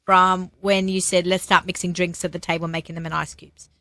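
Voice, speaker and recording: A woman's voice: fairly low pitch, little pitch movement, fairly quick, pushed and bright, no echo. A woman hosting a talk show, chatting with a guest in a bubbly, enthusiastic way. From Australia. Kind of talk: casual interview chat.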